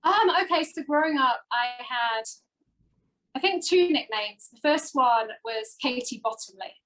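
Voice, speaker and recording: A woman co-hosting a talk show, telling stories in casual chat with an animated manner. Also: high-pitched, measured pace, rough recording. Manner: animated storytelling.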